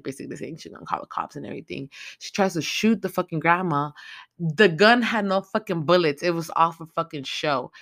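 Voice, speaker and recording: Foul-mouthed, rambling podcast host recapping a film. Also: medium pitch. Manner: heavy swearing, rambling and excitable. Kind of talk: casual movie recap.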